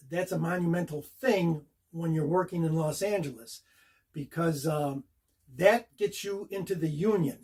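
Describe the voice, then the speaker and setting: Speaking straight to the camera, an older actor with a husky, somewhat high-pitched voice recounts a story from his career. He is casual and animated, acting out the scene beat by beat, and his tone stays relaxed and personal.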